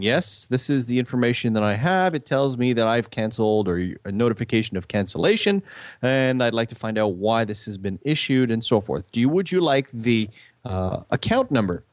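A man's voice: medium pitch, lively intonation, moderate pace, no echo. A man telling a story in a casual chat, acting out the quoted dialogue with animation.

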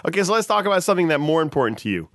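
A man's voice: a little high, very animated, racing, fairly bright tone, no echo, studio quality. A man in a casual chat, teasing his co-host and prompting him with questions.

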